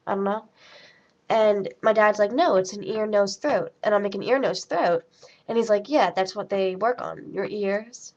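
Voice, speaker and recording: A teenage girl chats her way through a story for her vlog, rambling with plenty of fillers and little acted-out quotes. Her voice sits at an ordinary pitch, and it comes through a dull, lo-fi webcam mic. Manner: chatty, rambling, full of fillers and quoted dialogue. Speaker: vlogger. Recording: lo-fi webcam audio.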